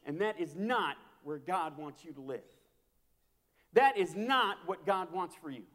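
A man preaching a sermon as a pastor, impassioned and repetitive, swinging from hushed to loud. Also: a little high, animated, measured pace. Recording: long hall reverb.

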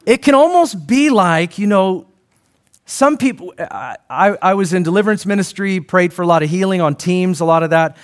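A man preaching a sermon to his congregation in an animated, conversational way, full of restarts and asides to the crowd. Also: high-pitched, moderate pace. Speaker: pastor.

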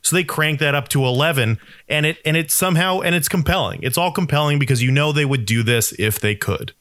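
A man's voice: a little high, fairly quick, fairly bright tone, dry recording, studio quality. A man co-hosting a podcast, rambling through ideas and cracking jokes about a film. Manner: joking, rambling explanations. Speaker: podcast co-host. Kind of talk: casual film discussion.

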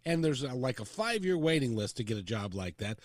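A man voicing a discouraging adult who gently talks someone out of a dream job, in a low, hushed, patronizing tone. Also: very animated, a little fast, no room sound. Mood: dismissive. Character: discouraging adult naysayer, gentle but dismissive.

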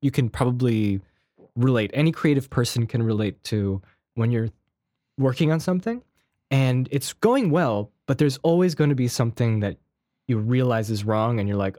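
A man co-hosting a podcast in casual chat, talking in a chatty, animated and self-deprecating way. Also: medium pitch, fairly quick, no echo, studio quality. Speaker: podcast co-host.

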